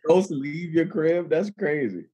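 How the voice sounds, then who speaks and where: A man's voice: on the high side, a little slow, a loud crowd. A man co-hosting a podcast in casual chat, drawling and laughing a lot while coughing with an irritated throat. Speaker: podcast co-host.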